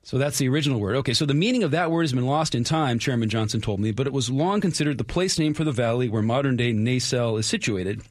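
Fast-talking man telling history. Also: medium pitch, no room sound, studio quality. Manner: brisk, chatty storytelling. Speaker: resident historian. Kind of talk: radio history segment. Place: radio studio.

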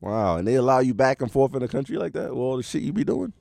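A man hosts a relaxed podcast chat, firing slangy reactions and quick questions at his guest. His voice has a gravelly edge and bounces around in pitch. The sound is dry and close. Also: dry recording. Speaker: podcast host. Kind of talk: casual interview.

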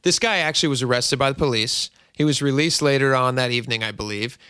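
A man's voice: mid-range voice, fast talker, sharp tone, clear, resonant tone, no room sound. A man hosting a talk radio show on a studio microphone, chatty and jokingly self-mocking.

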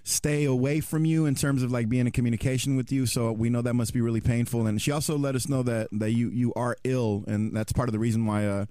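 A man's voice: medium pitch, fairly even intonation, fast talker, hardly any pauses, warm tone, clear, resonant tone, dry recording, clean studio sound. A man co-hosting a morning radio call-in segment, talking in a casual, supportive way. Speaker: radio show co-host.

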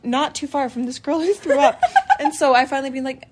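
Middle-aged woman telling a lively story. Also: high-pitched, quick pace. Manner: animated storyteller, acts out quoted voices. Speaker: podcast co-host. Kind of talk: casual storytelling chat.

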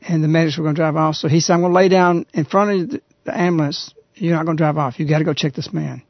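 A man hosting a radio talk show, earnestly retelling a story in a halting, conversational way. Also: fairly high pitch, fairly even intonation, no echo. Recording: dull, lo-fi radio recording.

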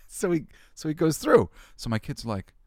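Animated, swearing man telling stories. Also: fairly high pitch, moderate pace, no room sound, studio quality. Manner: animated, laughs often, swears, loose restarts. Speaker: host. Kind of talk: casual storytelling monologue.

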